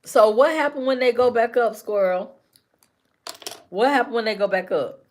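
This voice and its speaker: A woman's voice: a little high, normal speed, a little mellow. A woman hosting a casual live stream, talking back to her chat commenters by name with teasing, repetitive banter.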